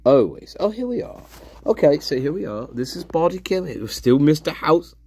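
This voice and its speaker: A man's voice: on the high side, big pitch swings, normal speed, warm tone. A man chatting casually on a livestream, rambling and musing with some profanity. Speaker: streamer.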